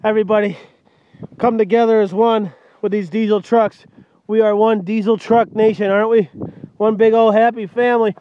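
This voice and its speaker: A man's voice: sits high, little pitch movement, normal speed, muffled recording, slight background noise. A man selling trucks with a joking, hyped sales patter, recorded outdoors in the cold on a handheld camera mic. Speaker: truck dealer.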